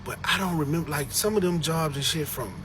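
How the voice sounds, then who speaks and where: A man spins a joking, exaggerated story, swearing for emphasis. His voice sits mid-range, and loud background noise with passing vehicles runs under him. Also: on the high side, a little fast. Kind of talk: comic storytelling rant.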